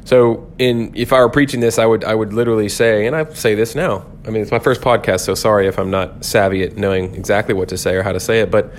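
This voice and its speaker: A man's voice: fairly low pitch, steady tone, quick pace, few pauses, slight background noise. A man hosting his first devotional podcast, teaching on a psalm in an earnest, thoughtful way and often restarting his sentences. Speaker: podcast host, pastor.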